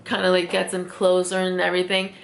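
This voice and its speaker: A woman's voice: lowish voice, monotone, fast talker, creaky, slight background noise. A young woman vlogger telling a story casually while doing her makeup, laughing often and using many fillers. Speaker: beauty vlogger. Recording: echoey room.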